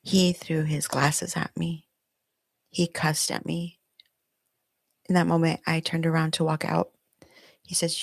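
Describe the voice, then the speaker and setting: Middle-aged woman podcasting from home, raspy low-ish voice, kinda monotone, super dry sound. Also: a little slow, long pauses, dry recording. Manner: candid, emotional storytelling. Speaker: podcast host. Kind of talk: personal confessional monologue. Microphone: recording herself on video.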